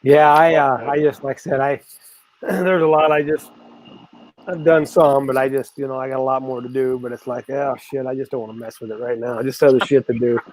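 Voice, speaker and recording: Loud, cursing biker buddy on a call. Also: male voice, medium pitch, fairly even intonation, fairly quick, rough recording. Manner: loud, swearing, enthusiastic banter. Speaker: guest biker friend. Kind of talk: casual chat on a video call.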